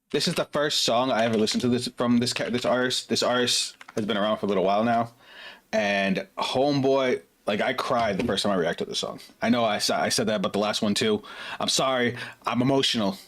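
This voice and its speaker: A man's voice: mid-range voice, fairly bright tone. A man streaming music reactions, talking casually, bluntly and with open emotion, swearing freely. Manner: blunt, profane, openly emotional. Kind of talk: casual live reaction commentary.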